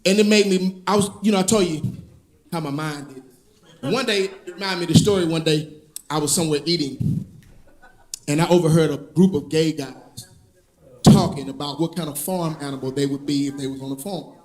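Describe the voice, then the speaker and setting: A male stand-up comedian telling stories in an animated, sing-song way, laughing at his own jokes. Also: fairly high pitch, brisk. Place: comedy club stage.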